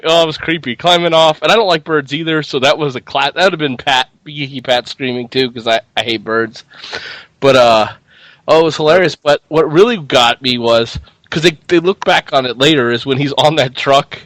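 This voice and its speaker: A man's voice: fairly high pitch, a little fast, fairly bright tone, no echo. A man co-hosting a casual film review chat, retelling scenes and laughing often.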